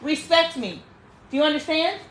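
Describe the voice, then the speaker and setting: Her voice is high and fairly bright, with lively intonation and a moderate pace, and there's slight background noise. She's a woman hosting a relaxed bedroom livestream, preaching emphatically and often saying the same things again.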